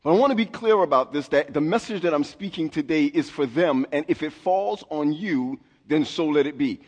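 A man's voice: a little high, moderate pace, darkish tone. A man in his forties preaching a sermon as a pastor, chatty and self-deprecating, with many restarts. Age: 40s. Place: church sanctuary. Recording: long hall reverb.

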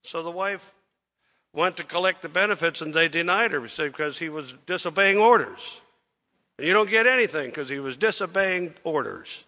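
A man's voice: fairly high pitch, sharp tone. A man preaching to a congregation, telling a folksy, rambling story with plenty of fillers and acting out the characters' lines. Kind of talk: sermon storytelling.

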